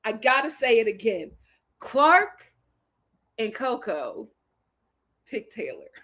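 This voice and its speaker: A woman's voice: a little high, sing-song, takes it slowly, a bit bright. A woman recapping a reality dating show, laughing often and repeating lines for emphasis.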